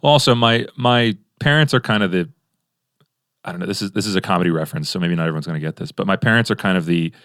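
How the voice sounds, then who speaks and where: A young man from Los Angeles talking as a podcast guest in a relaxed, rambling way, full of fillers and restarts. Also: low-pitched, quick pace, dry recording, clean studio sound. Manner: laid-back, rambling with many fillers and restarts; does exaggerated impressions in anecdotes. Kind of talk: casual conversation.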